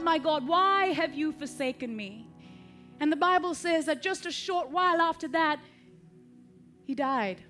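A high-voiced woman preaches a sermon built on rhythmic, repeated phrases. Her delivery swells to loud peaks and then falls back to soft tones.

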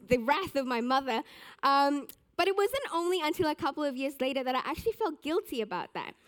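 Young aussie woman preaching, high bright voice, funny self-mocking story style. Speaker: church speaker. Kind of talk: sermon with personal story.

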